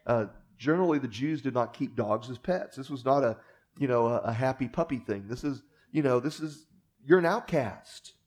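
Earnest preaching man, rising and hushing. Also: medium pitch, normal speed. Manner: earnest, rises to emphasize then drops to a hush. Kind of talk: sermon.

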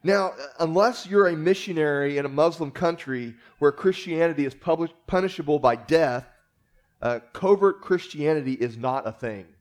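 A man's voice: on the high side, normal speed. A man preaching a sermon in a conversational way, opening with a joke and using many fillers as he teaches. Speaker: pastor.

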